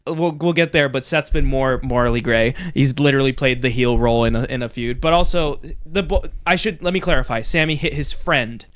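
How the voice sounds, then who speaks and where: Smooth-voiced man recapping with animated energy. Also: mid-range voice, a little fast, hardly any pauses. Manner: animated storyteller, quotes wrestlers in put-on voices. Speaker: podcast co-host. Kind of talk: casual chat recapping wrestling.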